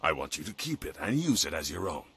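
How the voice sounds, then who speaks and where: An actor playing a stately older male weapon master in a game, speaking in a formal, measured way. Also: a bass voice, big pitch swings, pushed and bright, breathy edge, full character voice.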